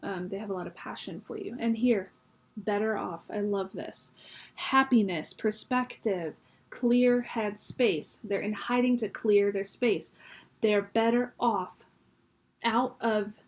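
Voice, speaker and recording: Chatty woman tarot reader at a middle pitch, talking casually to her viewers. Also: fairly even intonation, slow. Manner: chatty, reads card words aloud, frequent ums. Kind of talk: casual tarot reading to camera.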